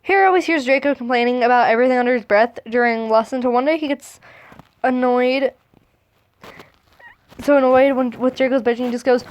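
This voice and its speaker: A woman with a high-pitched voice reads fan memes aloud, cutting in with sarcastic asides. She laughs often and swears freely. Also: a little fast, pauses often.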